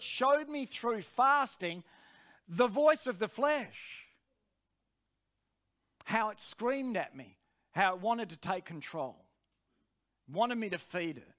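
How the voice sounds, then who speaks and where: A man's voice: extremely high pitch, a bit bright. A man preaching a sermon, telling a personal story in an earnest, direct way.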